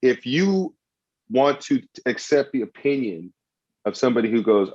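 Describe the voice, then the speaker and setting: Man, heated, argumentative, profane, mid pitch, dull lo-fi recording. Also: expressive, normal speed, breathy edge. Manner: loud, argumentative, swears a lot. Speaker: podcast debater. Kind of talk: heated comedic debate. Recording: dull lo-fi sound.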